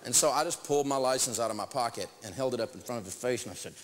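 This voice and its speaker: A middle-aged man teaching a lesson, telling a story in an animated, self-mocking way. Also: medium pitch, very fast, long reverb tail, very noisy. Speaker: financial teacher. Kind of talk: storytelling lesson to a live audience.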